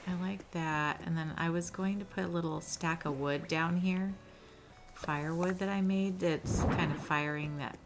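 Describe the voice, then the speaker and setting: A woman's voice: fairly low pitch, fairly even intonation, moderate pace. A young woman hosting a gaming channel, giving casual, chatty commentary over her gameplay in a cozy way. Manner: chatty and cozy, often says "little". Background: background music.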